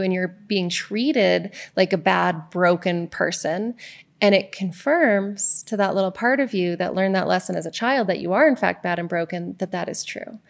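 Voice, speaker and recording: Earnest woman coach with a gravelly edge. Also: medium pitch. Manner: earnest, storytelling, frequent "right?" check-ins. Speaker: divorce coach. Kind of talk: reflective monologue to camera.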